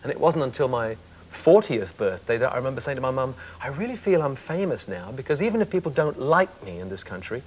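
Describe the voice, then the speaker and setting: A man's voice: mid-range voice, sing-song, quick pace, darkish tone, slightly rough, poor audio. A man in his fifties reflecting candidly on his singing career as a talk show guest. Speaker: singer, guest. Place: TV studio.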